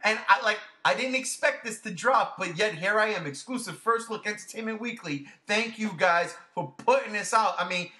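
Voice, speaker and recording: A man hosting a casual podcast, gushing with excitement, swearing freely and repeating himself. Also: sits high, moderate pace, few pauses. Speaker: podcast host.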